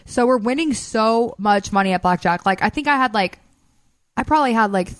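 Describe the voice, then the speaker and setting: A woman's voice: a little high, brisk, no room sound. Chatty young woman telling a story. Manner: animated storyteller, heavy use of "like", acts out quotes. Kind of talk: casual chat.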